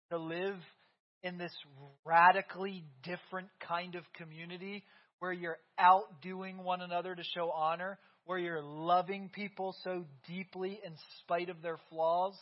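Pastor, man, 30s, high voice, casual back-and-forth sermon delivery, dull lo-fi church recording. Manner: conversational, keeps asking "right?". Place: church sanctuary.

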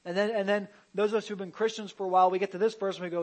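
A pastor delivers a sermon in a lifted, high-pitched voice. He talks to the room like a conversation, doubling back on his words and then driving points home with loud emphasis. Now and then he drops in a joke for the congregation. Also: level tone, very fast, hardly any pauses, low-quality recording. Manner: conversational preaching with repeated restarts and sudden loud emphasis; jokey asides to the congregation.

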